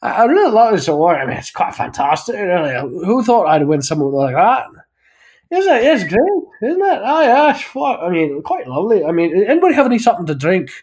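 A boozy, gushing Irish award winner put on by a man sings his thanks up high in an Irish lilt. He keeps calling out for a drink. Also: big pitch swings, brisk, darkish tone, breathy edge, heavily acted. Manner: high, sing-song, gushing.

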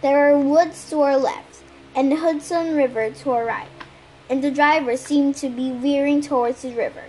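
Woman reader for a fan audiobook chapter; high voice, lively delivery, faint hiss behind. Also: moderate pace, rough recording. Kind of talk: reading a novel aloud.

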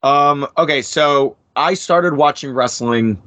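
This is a slow-paced, somewhat high male voice on a dry recording. He's a podcast guest in his thirties from New Jersey, USA, with an American accent, casually chatting while he swears heavily, rambles through his tales, and does animated impressions.

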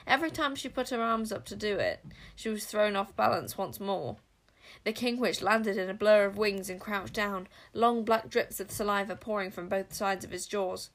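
A woman narrating a storybook with an expressive, dramatic delivery. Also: medium pitch, moderate pace. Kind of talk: storybook reading.

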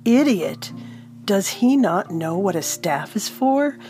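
Sarcastic young woman wizard voiced by a woman, sharp retorts, storybook reading, soft music underneath. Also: low voice, animated, normal speed.

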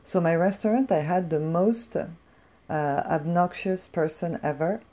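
A middle-aged woman from France telling a blunt, profane story in a casual, animated rant. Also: lowish voice, measured pace. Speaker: vlogger.

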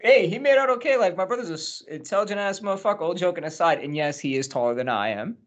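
A man's voice: high voice, lively intonation, fast. A man co-hosting a podcast, rambling and joking about football with plenty of swearing. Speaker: podcast co-host. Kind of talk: casual chat about football.

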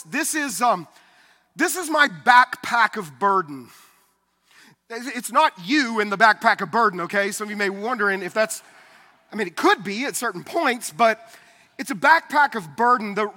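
A man's voice: sits high, pushed and bright, in a large hall. A middle-aged man preaching a sermon as pastor, earnest and confessional, a little out of breath as he talks. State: slightly out of breath from carrying a heavy backpack. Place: church sanctuary.

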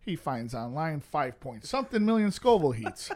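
Speaking at normal speed in a voice on the high side, this ex-cop spins casual stories with crude humor for a podcast. Profanity flows freely, and he animatedly acts out the voices of each person in the tales.

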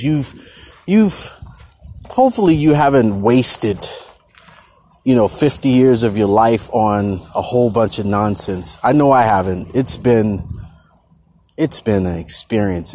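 A man's voice: medium pitch, darkish tone, a little hiss or hum. A middle-aged man hosting a casual podcast, rambling loosely outdoors on a bike trail, restarting and repeating words. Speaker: podcast host.

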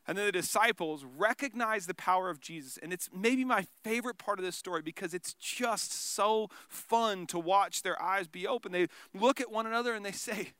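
Man preaching a sermon, bright voice, lively storytelling with sudden hushed drops. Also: high voice, moderate pace, hardly any pauses, smooth, dry recording. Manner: animated storytelling, drops to a hush for drama. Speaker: pastor.

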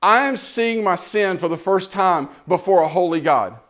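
A man's voice: high-pitched, expressive, normal speed, fairly bright tone. A man giving an impassioned, earnest sermon testimony, repeating phrases as he builds.

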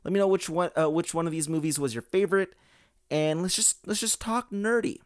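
A man's voice: a little high, a little fast, dry recording, clean studio sound. A man hosting a podcast in a casual, rambling way, with many "uh"s and restarts, into a podcast microphone. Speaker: podcast host. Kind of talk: casual chat.

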